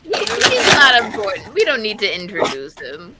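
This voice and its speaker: A woman's voice: mid-range voice, wildly swooping pitch, moderate pace, very noisy. A woman playing a tabletop role-playing game, joking in a playful way. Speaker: player. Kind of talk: casual tabletop role-play.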